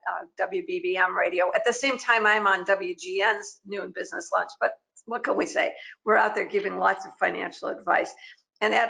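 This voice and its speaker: A brisk woman moderating a finance webinar over a video call, talking in a chatty, emphatic way and pushing her panelists with pointed questions. Her mid-pitched voice carries a gravelly edge of fry. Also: pushed and bright, poor audio.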